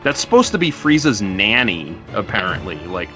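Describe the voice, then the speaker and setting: A man co-hosting a podcast, talking through a film in an animated, casual way with lots of filler words. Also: on the low side, moderate pace, lo-fi sound, soft background music. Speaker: podcast co-host.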